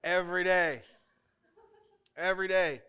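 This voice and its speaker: A male chaplain with a twang speaks in a fairly high voice. He talks to couples in a plainspoken, folksy way, like a casual conversation. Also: fairly even intonation, unhurried, bright, forceful tone, clear, resonant tone. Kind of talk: workshop talk to couples.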